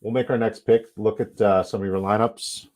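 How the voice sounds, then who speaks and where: A young man hosting a casual livestream, excitable, rambling and profane as he chats with viewers. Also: fairly low pitch, normal speed. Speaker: livestream host.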